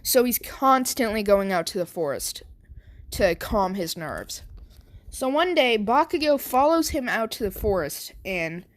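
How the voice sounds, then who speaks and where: Girl making up a story as she goes, slow and rambly, keeps correcting herself. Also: medium pitch, sing-song. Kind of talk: casual improvised fan story narration.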